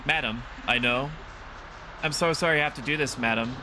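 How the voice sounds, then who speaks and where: A man's voice: medium pitch, brisk, noisy background, lightly acted. A man voicing a dutiful young bailiff who formally apologizes while seizing a home. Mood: apologetic.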